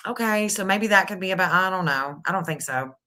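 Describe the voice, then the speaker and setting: A woman's voice: on the low side, brisk, pushed and bright. A middle-aged woman hosting a casual live stream, thinking aloud and reading out searches as she goes. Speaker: live stream astrology reader.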